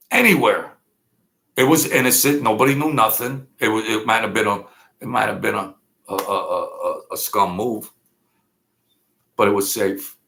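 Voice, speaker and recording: A man with a deeply gravelly, creaky voice, speaking in a loose, rambling monologue. He is blunt and streetwise, and his pitch sits in the middle range. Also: sharp tone. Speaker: vlog host. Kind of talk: casual monologue.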